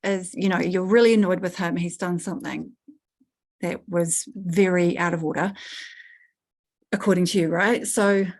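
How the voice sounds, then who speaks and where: Earthy, animated woman coaching a workshop. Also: lowish voice, normal speed, long pauses. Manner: earthy and animated, laughs and swears casually. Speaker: workshop leader.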